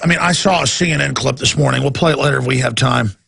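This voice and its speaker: A man's voice: medium pitch, fast, fairly bright tone. A male radio talk show host delivering a heated, sarcastic political rant. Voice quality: gravelly, raspy.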